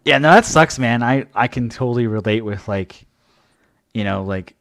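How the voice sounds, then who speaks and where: Male interview host, sympathetic, middle pitch, dry close sound. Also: moderate pace, dry recording. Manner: sympathetic, relaxed questioning. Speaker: podcast host.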